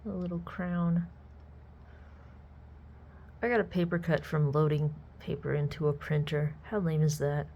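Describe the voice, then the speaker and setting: A woman chatting casually as she unboxes a collectible on her channel, excitable and sometimes dropping to soft murmurs. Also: low-pitched, a little slow, pauses often, dull audio, a little hiss or hum. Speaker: unboxing vlogger.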